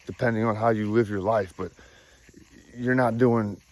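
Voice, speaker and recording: Low-voiced sniffly man in his thirties. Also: fairly even intonation, moderate pace, no echo, rough recording. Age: 30s. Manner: rambling and heartfelt, with many restarts. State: sniffly from a cold. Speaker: faith vlogger. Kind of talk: unscripted spiritual talk. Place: outdoors in the countryside.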